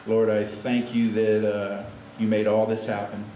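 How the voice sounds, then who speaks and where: A man serves as emcee at a memorial gathering, leading an informal prayer and introducing speakers with lots of fillers and restarts. His fairly low, mellow voice is completely flat and unhurried, in an echoey room with faint noise.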